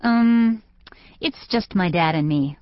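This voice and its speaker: A woman voicing a perky, eager teenage girl cheerleader with a high, girlish voice. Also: animated, slow, no room sound, lo-fi sound. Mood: offhand.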